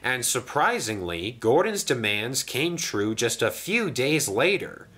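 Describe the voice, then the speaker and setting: Slow, expressive man narrating a storybook. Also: medium pitch, slightly rough.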